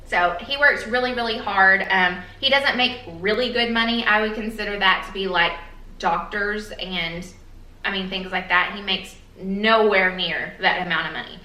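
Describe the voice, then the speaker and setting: A woman's voice: medium pitch, normal speed, sharp tone, roomy sound, far from the mic, rough recording. A woman vlogger chatting earnestly to camera, rambling with fillers and a little emotional. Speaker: beauty vlogger. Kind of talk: casual chat to camera.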